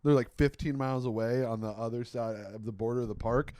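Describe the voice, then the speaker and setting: A man's voice: mid-range voice, fairly even intonation, quick pace, mellow, dry recording. A man in his thirties co-hosting a podcast, telling a rambling story with lots of swearing. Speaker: podcast co-host. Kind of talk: casual chat, storytelling.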